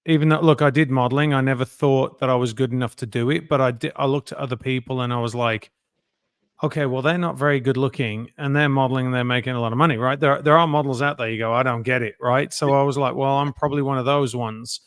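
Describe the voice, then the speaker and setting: A man's voice: mid-range voice, steady tone, quick pace, clean tone, no echo, clean studio sound. A man in his fifties with an English Midlands accent, a guest talking candidly and self-deprecatingly in a casual interview. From England, near Birmingham. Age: 50s. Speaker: guest, actor.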